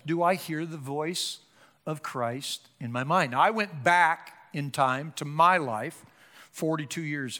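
An older man preaching a sermon, impassioned, swinging between loud emphatic calls and hushed low appeals. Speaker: pastor. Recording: long hall reverb.

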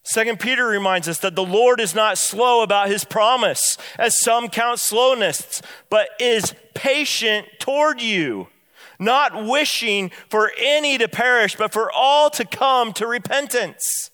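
High-voiced man preaching a sermon. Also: clean tone, long reverb tail. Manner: emphatic preaching, dropping soft and low on key phrases; bursts of quick storytelling between slow, stressed lines. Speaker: pastor. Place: church.

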